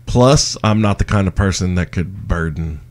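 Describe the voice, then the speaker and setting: A man's voice: sits low, normal speed, a little mellow. A man hosting a podcast in casual chat, swearing freely and rambling as he tells stories. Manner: profane, rambling storyteller. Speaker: podcast host.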